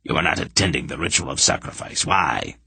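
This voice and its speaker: A man's voice: extremely low pitch, very animated, a little fast, vocal fry, pushed and bright, breathy edge, no echo, full character voice. A man reading an audiobook, voicing a harsh, suspicious masked priest who questions strangers. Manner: harsh, demanding.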